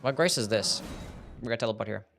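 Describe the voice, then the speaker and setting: A man's voice: on the low side, quick pace, vocal fry, fairly bright tone, faint music behind. A young man chatting casually while streaming a game, answering chat questions and swearing now and then. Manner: laid-back, swears, reads chat. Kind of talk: casual gameplay commentary.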